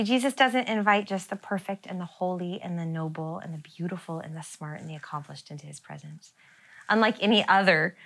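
A woman in her thirties preaching a sermon, earnest and soft-spoken, sometimes dropping to a near whisper and laughing lightly between phrases. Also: mid-range voice. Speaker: pastor.

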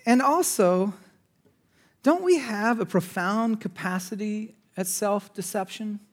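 Male pastor, higher voice, sermon delivery with big swings from urgent to hushed. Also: slow. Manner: swings between urgent raised passages and hushed, quiet asides; conversational, with fillers and restarts.

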